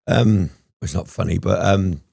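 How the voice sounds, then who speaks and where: A man's voice: low voice, creaky, dark tone, husky, dry recording, clean studio sound. A man telling his story as a podcast guest, rambling and swearing often, with frequent ums. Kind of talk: candid storytelling interview.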